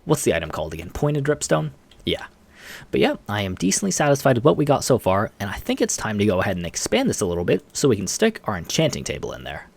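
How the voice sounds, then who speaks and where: A man's voice: lowish voice, huge pitch swings, fast, creaky, darkish tone. A man giving casual, rambling commentary over his own gameplay, laughing often. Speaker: let's play host.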